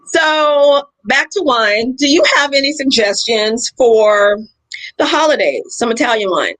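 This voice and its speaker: A woman's voice: on the high side, expressive, a little slow, a bit bright, low-quality recording. A woman hosting a livestream over a video call, chatting casually, laughing often and telling stories with animation. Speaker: livestream host.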